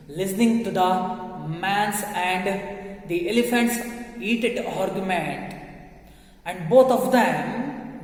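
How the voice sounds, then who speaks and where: A man teaching a class, explaining a story slowly, repeating and rephrasing himself with many hesitations. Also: high-pitched. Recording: echoey room with long reverb.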